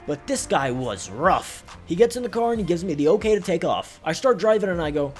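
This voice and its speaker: A young Canadian gaming channel host tells a profane, rambling comedic story over gameplay, with faint music behind him. His fairly high, sing-song voice moves briskly with few pauses.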